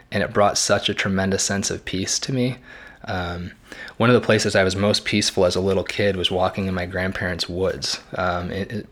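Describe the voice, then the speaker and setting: Man, middle-aged, podcast host, gentle and reflective, somewhat low voice. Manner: reflective, gentle, many fillers and restarts. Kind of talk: reading aloud then live book-club chat.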